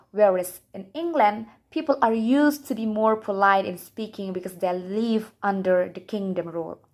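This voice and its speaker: A young woman, a student whose first language is Indonesian, reading her class presentation aloud from a script in a careful way. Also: medium pitch.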